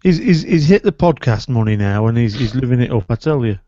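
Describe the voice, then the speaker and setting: A man's voice: mid-range voice, lively intonation, a little fast, dark tone, no room sound. A man co-hosting a live podcast, joking and teasing. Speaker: podcast co-host. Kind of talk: casual live podcast chat. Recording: dull lo-fi live stream audio.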